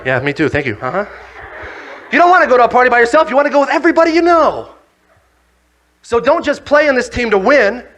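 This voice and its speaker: A young man gives a motivational talk to young people, acting out his story with voices and shouts. His voice sits high. It has a bright, forceful edge. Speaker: youth speaker.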